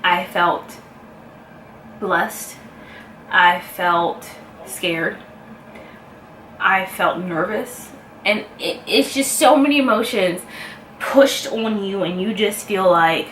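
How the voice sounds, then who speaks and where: A woman's voice: medium pitch, a bit bright. Emotional woman vlogging in an echoey room. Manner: emotional, heartfelt, halting with pauses. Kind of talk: personal vlog talking to camera. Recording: echoey room with faint ambient noise.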